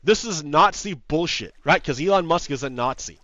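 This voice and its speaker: A man with a fairly high voice rants over his gameplay, heated and profane, repeating himself and laughing as he goes. The sound is dry, with little room to it. The recording is a bit dull and lo-fi. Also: lively intonation, moderate pace, a bit bright, no room sound. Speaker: gaming video host. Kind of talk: casual ranting commentary over gameplay. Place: home setup with green screen.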